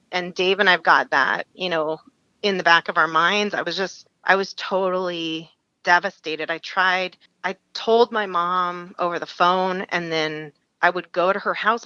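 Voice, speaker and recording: A woman's voice: lowish voice, bright, forceful tone, no echo, highs cut off. A woman from Alaska, a podcast guest, frankly telling a personal story in an interview and laughing through hard memories.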